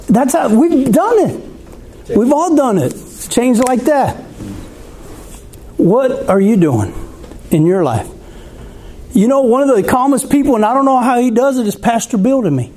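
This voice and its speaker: High-voiced preacher, mellow. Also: male voice, big pitch swings, a little slow, pauses often, a little hiss or hum. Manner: conversational preaching, asks the congregation questions. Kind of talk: sermon.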